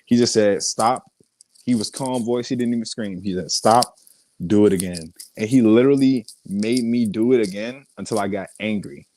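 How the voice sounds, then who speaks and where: A man's voice: on the low side, a little fast, few pauses, slight background noise. A young adult man, telling stories casually in an interview, acting out quotes with lots of swearing. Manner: animated storyteller, acts out quotes, swears freely. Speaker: guest artist and actor.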